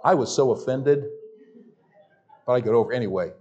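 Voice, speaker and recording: A man's voice: mid-range voice, normal speed, warm tone, lo-fi sound. A man with a Southern US accent preaching a sermon as pastor in a church, emphatic and prone to repeating his words. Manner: emphatic, repeats phrases, stumbles on restarts.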